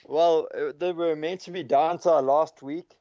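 A man's voice: a little high, fairly even intonation, a little slow, mellow. Young man, South African accent, laid-back, dull call audio. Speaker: guest. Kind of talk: casual chat.

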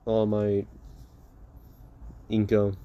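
A man's voice: lowish voice, completely flat delivery, extremely slow, clean tone, dull audio. A man improvising a fan story aloud, rambling, correcting himself and swearing casually. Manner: rambling, self-correcting, profane.

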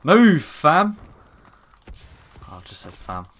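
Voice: mid-range voice, huge pitch swings, extremely slow, a bit bright. A gaming commentator talking over gameplay, exasperated and ranting at the game.

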